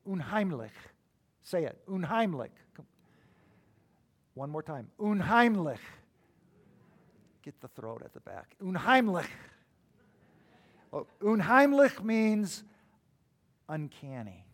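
A middle-aged man preaching a sermon, swinging between loud emphatic bursts and quiet, low asides as he tells stories. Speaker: pastor.

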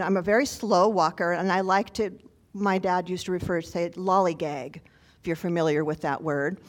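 A woman telling a personal story to an audience in an earnest, reflective, conversational way. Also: medium pitch.

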